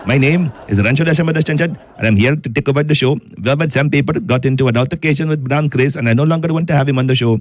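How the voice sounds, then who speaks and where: A man's voice: medium pitch, quick pace, hardly any pauses, a little hiss or hum, lightly acted. A man voicing a formal, self-important male caller who takes over a radio show. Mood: triumphant.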